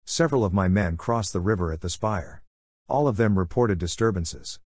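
A man's voice: on the low side, expressive, moderate pace, a little mellow, dry recording, clean studio sound. A man voicing a grim, pessimistic male army officer with a blunt, curt manner.

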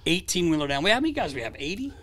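A man co-hosting a podcast, telling stories in a relaxed casual chat and mimicking the people he talks about. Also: a little high, very fast, dry recording. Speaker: podcast co-host.

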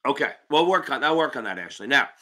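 A man's voice: medium pitch, very animated, fast. Brash, profane male tutor. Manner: emphatic, with shouted interjections. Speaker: exam prep tutor hosting a live Q&A. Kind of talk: live-stream Q&A.

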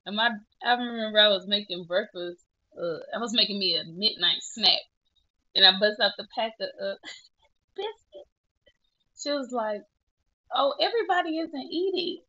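Casual woman vlogger, bright tone, tearful laughs, lo-fi phone sound. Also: medium pitch, moderate pace. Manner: chatty, self-mocking, laughing through tears. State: tearful at times. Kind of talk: casual selfie vlog.

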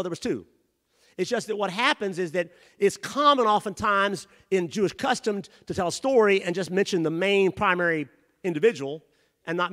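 A man preaching a sermon as pastor in a church, rising to shouted emphasis and dropping to quiet asides. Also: high-pitched. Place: church sanctuary.

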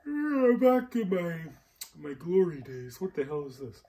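A man hosting a casual gaming chat with friends, jokey and excitable, often jumping into high-pitched shrieks. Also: unhurried, recorded from a distance, background noise. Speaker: gaming channel host.

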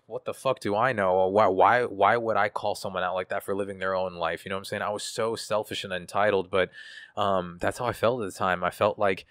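A man's voice: lowish voice, steady tone, fairly quick, a bit bright, dry recording, studio quality. A man, a guest artist in an interview, talking candidly in a casual, profane and reflective way, with many fillers.

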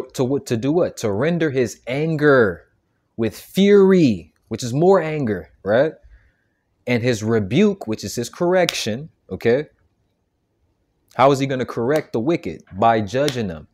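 A man's voice: medium pitch, a little mellow. A man giving an informal sermon, emphatic and stammering, tagging nearly every phrase with "man" and "okay". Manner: stammering restarts, repeated words. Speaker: preacher.

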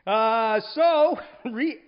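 A man's voice: extremely high pitch, drawn-out words, dull audio. A man teaching a Sunday school class on scripture, conversational, often checking in with the room.

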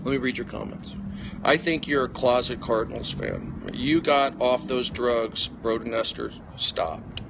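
A middle-aged man, a comedian livestreaming from his phone outdoors, ranting in agitated bursts that jump between loud outbursts and low mutters. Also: a little slow, background noise. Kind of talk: rambling livestream rant.

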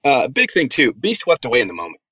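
A man co-hosting a podcast in casual chat, animated and jumping up in pitch as he gets excited. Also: quick pace, husky, dry recording. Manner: animated, jumps high in pitch when excited. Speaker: podcast co-host. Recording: dull, dry lo-fi audio.

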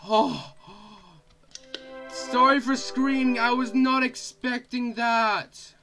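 A man giving let's play commentary on a horror game, excitable and jumpy, yelping and screaming and using mild swears. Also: very high voice, takes it slowly, music in the background. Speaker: gaming channel host.

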